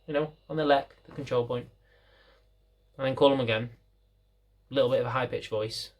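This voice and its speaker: A man who trains dogs talks to the camera in a chatty, casual explainer style, repeating phrases and acting out little scenes. His voice is mid-range and a little fast, broken up by long pauses.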